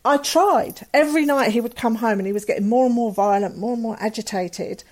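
A woman's voice: on the high side, brisk, a little mellow. A middle-aged woman, a guest telling a personal story in a candid, earnest way with fillers and restarts. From England.

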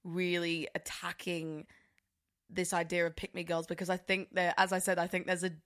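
A young woman co-hosting a casual podcast chat, animated and laughing, with lots of fillers. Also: fairly low pitch, normal speed. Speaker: podcast co-host.

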